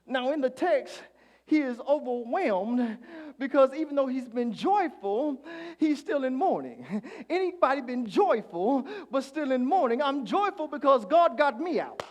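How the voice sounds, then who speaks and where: A man preaching a sermon as pastor, calling on the congregation to answer back and swinging from hushed lines to shouts. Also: extremely high pitch, big pitch swings, a little slow.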